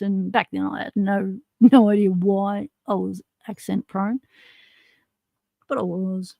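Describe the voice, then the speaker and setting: A woman's voice: mid-range voice, steady tone, a little slow, creaky, dark tone, dry recording. A woman hosting a casual livestream, chatting in a rambling way and laughing often. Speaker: livestream host.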